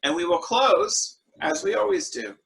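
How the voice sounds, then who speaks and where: Bright-voiced man leading a group chat. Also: high voice, a little slow, gravelly, low-quality recording. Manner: relaxed storytelling with fillers. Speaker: group discussion leader. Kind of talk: casual online worship discussion. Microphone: video call.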